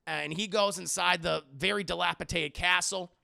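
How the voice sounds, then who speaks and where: Young streamer, crude animated film recap, high gravelly voice with a bright edge. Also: male voice, normal speed. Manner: profane, animated storytelling. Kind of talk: casual film recap for a live chat.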